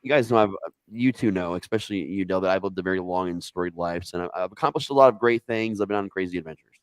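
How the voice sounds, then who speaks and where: A man from Ohio with an Ohio accent telling a wild personal story in casual, animated talk, swearing freely and jumping up in pitch when quoting himself. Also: fast talker, smooth, rough recording.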